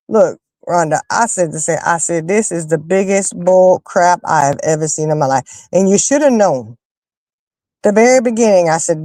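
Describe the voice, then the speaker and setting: A woman hosting a casual chat with her viewers, telling stories in an animated, emphatic way and fussing loudly when annoyed. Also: on the low side, dry recording. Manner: animated, emphatic storyteller who rants and fusses. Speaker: livestream host chatting with viewers.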